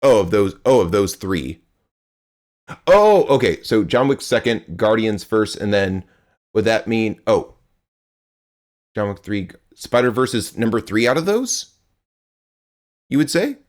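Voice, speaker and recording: A man's voice: lowish voice, very animated, a little slow, pauses often, a little mellow. A young man streaming a game live, chatting with his viewers in a rambling, playful way and grunting as he plays.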